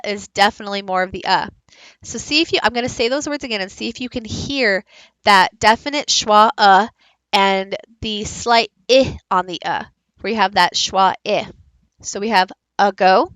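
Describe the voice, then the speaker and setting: A woman giving a recorded teaching presentation, explaining slowly and modelling speech sounds aloud. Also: medium pitch, animated, a bit bright, no echo, low-quality recording. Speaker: teacher leading a book study.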